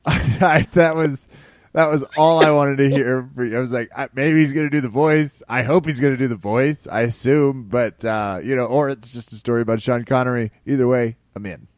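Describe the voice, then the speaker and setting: A man's voice: medium pitch, moderate pace, no room sound, clean studio sound. Laughing man co-hosting a podcast. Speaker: podcast co-host. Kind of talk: casual chat.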